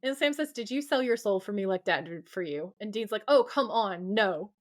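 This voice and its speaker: A woman's voice: medium pitch, animated, normal speed. A young adult woman co-hosting a podcast, effusively retelling TV scenes by quoting the dialogue. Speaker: podcast co-host. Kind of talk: casual recap chat.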